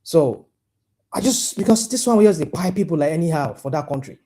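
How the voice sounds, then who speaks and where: A man with a Nigerian accent talks in heated bursts over a video call, piling up repeats and pointed questions. His voice is fairly high for a man but dark and mellow in tone. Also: expressive, fairly quick, breathy edge. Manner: impassioned, repetitive, asks pointed questions. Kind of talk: heated political commentary.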